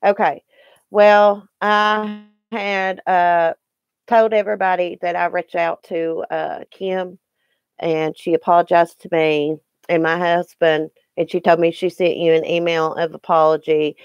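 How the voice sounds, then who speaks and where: A woman's voice: fairly low pitch, level tone, unhurried, clear, resonant tone, no echo, lo-fi sound. A Southern woman hosting a casual livestream, chatting folksily with viewers by name and reading the chat. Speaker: YouTube livestream host.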